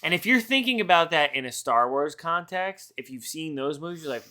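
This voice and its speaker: A man's voice: on the high side, expressive, a little fast, few pauses, pushed and bright. A tipsy man co-hosting a podcast, giving rambling, profane movie commentary and laughing often. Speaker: podcast co-host. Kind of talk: casual movie commentary chat.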